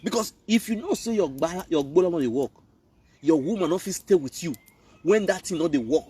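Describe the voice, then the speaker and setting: A man's voice: sits high, animated, brisk, mellow, slightly rough, distant mic. A man from Benin, Nigeria, speaking Nigerian Pidgin English, who rants and scolds in a preachy live video commentary. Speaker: online commentator.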